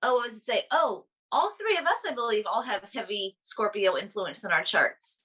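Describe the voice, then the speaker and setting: A young woman co-hosting a podcast, chatting casually about astrology in a bubbly, animated way. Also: medium pitch, normal speed, husky. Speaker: podcast co-host.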